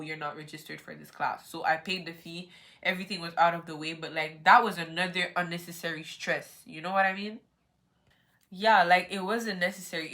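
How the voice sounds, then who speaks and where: A young woman vlogger telling a casual story time, animated, acting out her own reactions and peppering her talk with "like.". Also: lowish voice. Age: young adult.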